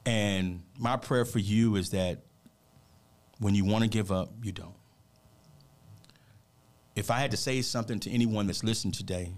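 A man who is a motivational speaker, telling an emotional personal story as a radio guest in an earnest, preachy way, often saying "man". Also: fairly low pitch.

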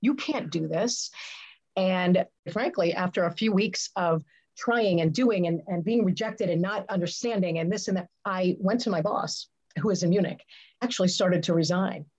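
A woman's voice: fairly low pitch, normal speed, darkish tone, lo-fi sound. A woman answering interview questions with earnest, reflective storytelling and many restarts. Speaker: interview guest, business leader. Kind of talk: conversational interview.

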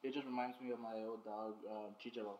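A man's voice: medium pitch, fairly even intonation, quick pace, roomy sound, muffled recording, a little hiss or hum. A young man on a friends' podcast, rambling and hesitant, with many fillers. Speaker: podcast guest. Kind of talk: casual chat.

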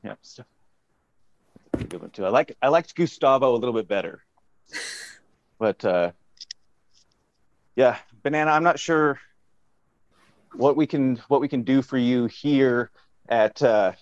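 A man rambles goofily through an improvised tech support call, drifting off topic at every turn. His voice sits at an ordinary middle pitch. The audio is dull and lo-fi. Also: measured pace, pauses often. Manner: rambling, goofy, digressive. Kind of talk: improv comedy phone call.

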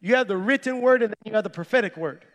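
A man preaching a sermon, telling a personal testimony with animated storytelling and reenacting what he said. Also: high-pitched, fast talker. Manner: animated storyteller, reenacts his own words. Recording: echoey hall with long reverb.

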